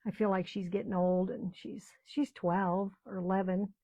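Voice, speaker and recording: A woman's voice: mid-range voice, flat delivery, normal speed, warm tone, muffled recording. Chatty older woman, rambling. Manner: rambling, chatty, trails off mid-sentence. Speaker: crafting channel host. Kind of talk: casual chat while crafting.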